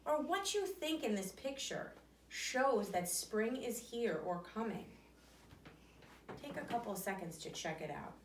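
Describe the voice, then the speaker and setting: A woman teacher giving an online lesson to young children, speaking slowly and encouragingly and then reading a picture book aloud. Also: a little high, sing-song, far from the mic, slight background noise. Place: home or classroom, filmed by a helper. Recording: echoey room, voice somewhat off-mic.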